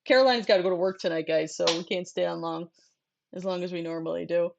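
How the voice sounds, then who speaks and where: A woman's voice: lowish voice, fairly even intonation, fast talker, gravelly, dull audio, noisy background. A woman hosting a casual livestream chat, talking bluntly, swearing freely and laughing often. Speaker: host.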